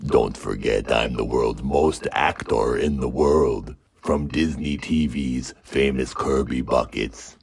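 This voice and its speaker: A deep gravelly vampire voice. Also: male voice, full character voice. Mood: mock-sinister. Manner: slow, mock-sinister delivery. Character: deep gravelly male vampire host, theatrical. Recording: music playing behind.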